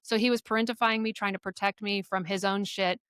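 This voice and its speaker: A middle-aged woman guesting on a podcast as a coparenting expert, telling stories in a blunt, animated way with frequent swearing. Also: mid-range voice, brisk, clean tone, dry recording, studio quality. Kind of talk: podcast conversation.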